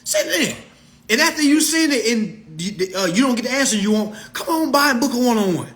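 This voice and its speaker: Loud, lively, profane man ranting. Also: very high voice, a little fast. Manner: profane, mocking, animated. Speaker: consumer law coach. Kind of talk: ranting monologue to followers.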